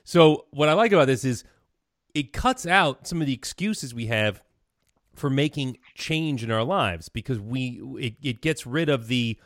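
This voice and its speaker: A man hosting a talk show, asking questions in a thoughtful, halting way. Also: mid-range voice, animated, no echo, clean studio sound. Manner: thoughtful, halting, with many restarts. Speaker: radio show host. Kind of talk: conversational interview.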